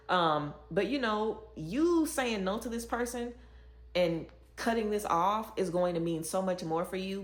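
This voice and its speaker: Low-voiced emphatic woman tarot reader. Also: reverberant. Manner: emphatic, preachy, repeats words for stress. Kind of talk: direct-to-camera tarot reading.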